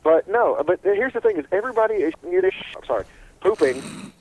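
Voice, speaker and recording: Lively, rambling male radio host. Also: high-pitched, normal speed, slight background noise, low-quality recording. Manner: animated and rambling, with many restarts. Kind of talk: casual sports radio chat.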